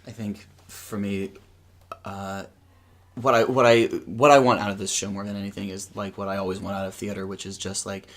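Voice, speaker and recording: A man's voice: fairly low pitch, flat delivery, brisk. A man from the cast answering an interview question thoughtfully, rambling with many fillers. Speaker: cast member.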